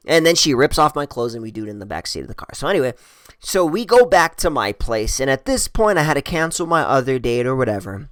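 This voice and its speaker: A man's voice: medium pitch, expressive, brisk, fairly bright tone, clear, resonant tone, dry recording. Crude, rambling man telling stories. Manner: profane, rambling, crude humor. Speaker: storyteller. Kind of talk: casual storytelling.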